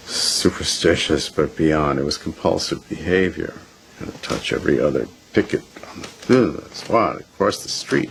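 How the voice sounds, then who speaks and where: A very deep-voiced man with a gravelly edge speaks in a blunt, emphatic way. He tells his stories in a documentary interview, with faint noise behind him. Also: poor audio.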